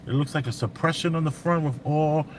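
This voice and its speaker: A man telling a story in casual commentary, animated and slangy, acting out what others said. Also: a little high, brisk, slight background noise. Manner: animated, acts out quotes, slang.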